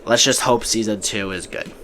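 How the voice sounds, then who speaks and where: A man's voice: on the low side, steady tone, normal speed, pushed and bright, slight background noise. A man hosting a casual movie podcast, giving breezy opinions and often restarting his sentences. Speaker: podcast host.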